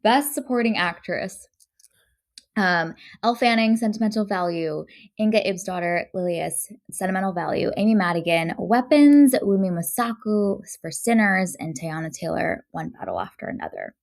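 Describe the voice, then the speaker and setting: A woman's voice: mid-range voice, animated, moderate pace, gravelly. Female co-host, cheerful moderator, casual film podcast talk. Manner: laughs often, upbeat moderator. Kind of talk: casual chat.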